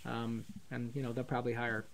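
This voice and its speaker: A man's voice: mid-range voice, monotone, a little fast, vocal fry, fairly bright tone. A middle-aged man, a voice actor, chatting enthusiastically in a live Q&A, rambling with many fillers and restarts. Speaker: voice actor guest. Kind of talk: casual live Q&A chat.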